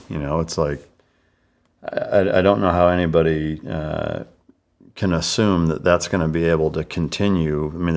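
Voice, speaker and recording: A man hosting a podcast interview, talking in a relaxed, casual way with blunt, profane remarks. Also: extremely low pitch. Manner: laid-back, profane, thoughtful asides. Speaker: podcast host.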